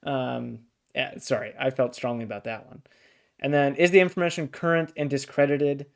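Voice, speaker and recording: A man's voice: mid-range voice, fairly even intonation, moderate pace, vocal fry. A man co-hosting a casual book discussion podcast, blunt and exasperated, swearing freely as he pushes back. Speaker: podcast co-host.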